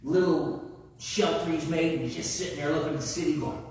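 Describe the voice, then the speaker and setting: A man's voice: fairly high pitch, steady tone, fairly quick, darkish tone, slight background noise. A man preaching a sermon in a conversational way, often asking his congregation rhetorical questions. He is recorded in a church sanctuary from a distance. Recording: echoey church hall, far-off mic.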